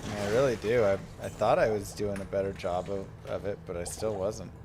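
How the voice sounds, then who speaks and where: A man in his thirties casually commenting on his game for viewers, guiding them step by step in a relaxed way. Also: fairly low pitch, brisk, background noise. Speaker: game streamer. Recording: game music playing behind. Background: game music.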